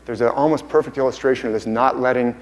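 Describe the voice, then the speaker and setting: Male conference speaker, mid-pitched, enthusiastic, quick to rephrase. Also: fairly even intonation, poor audio. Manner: enthusiastic, repeats and restarts phrases. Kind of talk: conference lecture. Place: conference hall.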